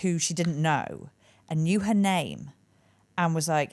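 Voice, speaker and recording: A woman hosting a podcast, chatting casually and telling stories with animated delivery. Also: on the low side, a little fast. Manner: animated storyteller, acts out voices. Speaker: podcast host. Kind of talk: casual chat.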